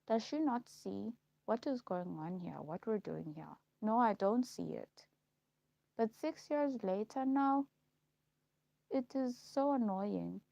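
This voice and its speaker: Gravelly-voiced woman ranting. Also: mid-range voice, dark tone, no echo, muffled recording. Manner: rambling and repetitive, circling back on her words. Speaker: vlogger. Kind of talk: casual rant to camera.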